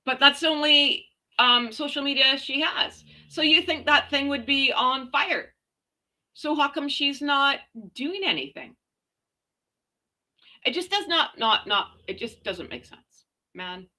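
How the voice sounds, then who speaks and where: A woman's voice: sits high, expressive, a little slow, sharp tone, rough recording. A woman hosting a chatty livestream, reading viewer comments in a sarcastic, emphatic way. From United States. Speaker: host.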